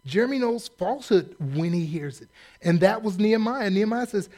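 A male pastor preaching a sermon in a blunt, sarcastic, animated storytelling manner. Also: high voice, brisk. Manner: animated storytelling with acted quotes.

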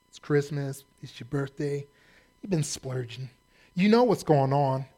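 Male pastor, slightly higher voice, casual joking sermon delivery. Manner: folksy, animated storytelling with humor.

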